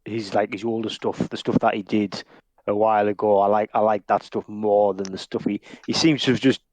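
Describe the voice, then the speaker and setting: A man's voice: fairly low pitch, fairly even intonation, brisk, darkish tone, dry recording. A man with a northern English accent chatting casually on a podcast, hesitant with frequent restarts and laughs. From northern England. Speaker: podcast co-host. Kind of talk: casual chat.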